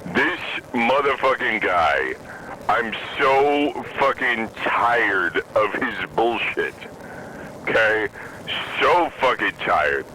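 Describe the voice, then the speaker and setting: Give me a man in a car giving a slow, emphatic, profanity-heavy rant with a bright tone. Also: mid-range voice, a little hiss or hum, rough recording. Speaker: podcast host. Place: in a moving vehicle.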